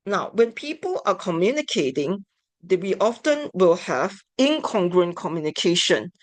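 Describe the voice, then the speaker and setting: A woman giving an instructional talk on family therapy, measured and deliberate. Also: fairly low pitch, big pitch swings, no room sound. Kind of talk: instructional lecture.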